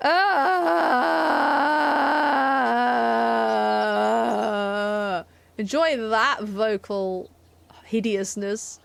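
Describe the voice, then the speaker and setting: A woman's voice: on the high side, animated, measured pace, long pauses. A woman chatting through a game on a live stream, self-deprecating and laughing often.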